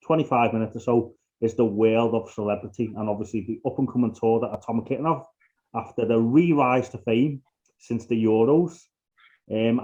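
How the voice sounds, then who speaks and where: A man's voice: medium pitch, warm tone. Man, podcast host, casual, hesitant, repeats words, dull lo-fi recording. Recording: dull lo-fi sound.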